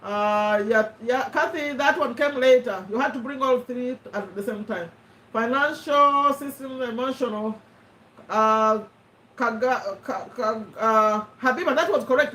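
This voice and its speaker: A woman's voice: a little high, a little slow, a bit bright, recorded from a distance. A woman hosting a live stream quiz in casual chat, reading out viewers' names and answers and ruling on each one. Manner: chatty, reads out viewer names and answers, checks and rules on them. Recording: echoey room, voice away from the mic.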